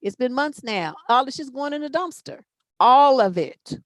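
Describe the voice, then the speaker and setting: A woman's voice: sits high, animated, moderate pace, no room sound. A middle-aged woman hosting a relationship advice show, giving blunt, profane, emphatic answers in unscripted chat.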